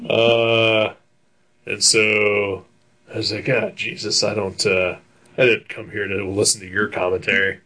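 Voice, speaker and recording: A man's voice: fairly low pitch, flat delivery, slow, long pauses, pushed and bright. A young man telling a long story on a casual talk show, rambling with many fillers, laughing often and swearing freely. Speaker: podcast co-host telling a story. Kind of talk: casual chat.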